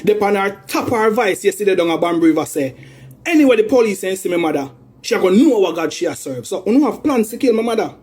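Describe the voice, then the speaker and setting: A Jamaican man with a high-pitched voice delivers a heated rant in thick patois. He sounds aggrieved and accusing, circling back over the same points again and again. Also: expressive, fast, darkish tone. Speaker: man airing a family dispute.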